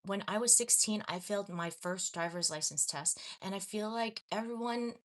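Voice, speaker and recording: A woman's voice: medium pitch, moderate pace. A young adult woman from Los Angeles chatting casually on a livestream, reading viewer comments and laughing at herself often. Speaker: livestream host.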